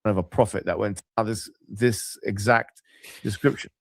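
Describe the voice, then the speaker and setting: A man's voice: fairly low pitch, fairly even intonation, moderate pace, no room sound, clean studio sound. A man arguing insistently in a debate call, repeating himself to press his point. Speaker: debate show host.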